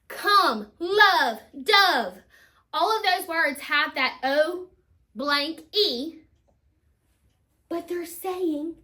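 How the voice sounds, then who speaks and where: A woman teacher, slowly sounding out spelling words for children. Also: high-pitched, sharp tone. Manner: slow, deliberate sounding-out of words.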